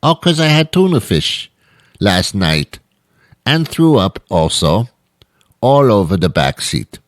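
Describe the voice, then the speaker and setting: A man's voice: sing-song, slow, no room sound, clean studio sound. A man voicing a crude, shady ride-share driver, his voice raised above his own. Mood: sleazy casual. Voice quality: put-on foreign accent, higher voice.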